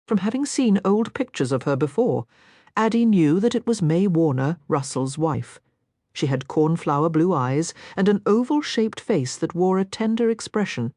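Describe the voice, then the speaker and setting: A woman reading an audiobook aloud in expressive, measured scripted narration. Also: on the low side, no room sound, clean studio sound.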